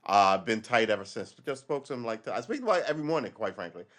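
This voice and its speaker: A man's voice: medium pitch, big pitch swings, fast, a bit bright. A man in his forties telling a rambling story on his livestream, swearing and losing his train of thought. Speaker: livestream host. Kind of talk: casual storytelling monologue.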